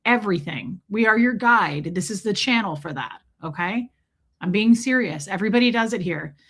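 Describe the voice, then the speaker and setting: A woman's voice: mid-range voice, lively intonation, moderate pace, a bit bright, slightly rough. A woman hosting a casual livestream, chatting and teasing as she greets viewers one by one. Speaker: livestream host.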